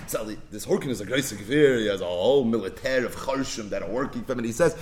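A man teaching Talmud in peppered with Hebrew and Yiddish, telling the story with animated delivery. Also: mid-range voice, fast, hardly any pauses, a little hiss or hum. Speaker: Torah teacher. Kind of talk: Talmud lecture.

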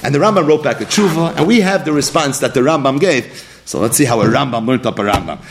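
A man teaching a daily Talmud lesson, explaining lively and mixing in study terms from Hebrew and Yiddish. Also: mid-range voice, quick pace, slight background noise.

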